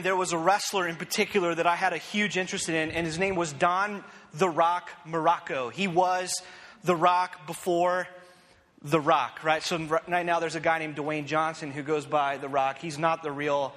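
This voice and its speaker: A man telling a personal story as he opens a sermon, animated and self-deprecating, often checking in with "right?". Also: a little high, moderate pace, hardly any pauses, long reverb tail.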